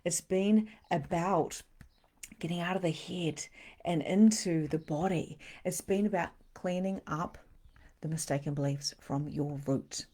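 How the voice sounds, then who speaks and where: A middle-aged woman leads a live guided meditation, her voice soft and soothing with breathy sighs. Her pitch sits a little low for a woman, and she moves easily between gentle instruction and relaxed chat with viewers. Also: a little slow. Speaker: spiritual coach leading a live session.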